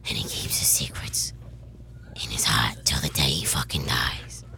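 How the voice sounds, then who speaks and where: A woman's voice: extremely low pitch, moderate pace, pushed and bright, voice pushed down, exaggerated voice. A woman voicing a secretive, foul-mouthed male uncle with a Boston accent, in a whispered role-play. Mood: menacing. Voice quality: whispered, unvoiced. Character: swearing gruff Boston uncle, secretive, tough.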